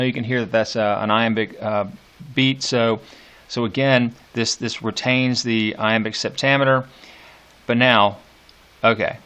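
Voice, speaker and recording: A man teaching a recorded lesson on poetic meter, thinking aloud with many fillers and restarts and slowing down to read verse lines with heavy stress. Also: medium pitch, fairly even intonation, fairly bright tone. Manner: reads verse aloud slowly, tapping out stresses. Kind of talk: instructional video lecture.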